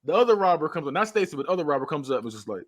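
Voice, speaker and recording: A man's voice: a little high, rapid-fire. A man co-hosting a podcast, retelling a movie scene in casual chat, acting out the characters' lines and laughing often. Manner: animated storytelling, acts out quotes, laughs often. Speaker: podcast co-host.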